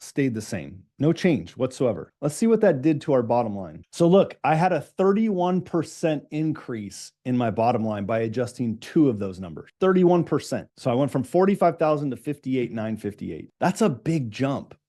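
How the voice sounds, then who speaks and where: Man, middle-aged, business coach, live online session, talks fast, mellow dark voice. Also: medium pitch, sing-song. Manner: fast-talking, asks the audience questions.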